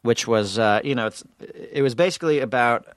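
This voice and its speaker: Rambling man telling pitch stories. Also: a little fast, dry recording, studio quality. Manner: rambling storyteller, chatty with many restarts. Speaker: podcast co-host. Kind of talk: casual chat.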